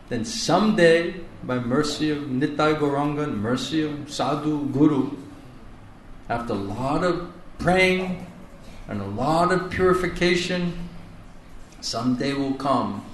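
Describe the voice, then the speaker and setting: A man's voice: on the high side, animated, slight background noise. Man preaching in an echoey hall. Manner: earnest, drawn-out emphasis on repeated words. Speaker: monk giving a spiritual class. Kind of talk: sermon. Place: lecture hall in India. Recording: echoey room from far off, faint ambience.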